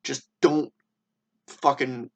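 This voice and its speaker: A man's voice: mid-range voice, fairly even intonation, extremely slow, dull audio. A man voicing worried young male friends urgently pleading with their teacher, cursing.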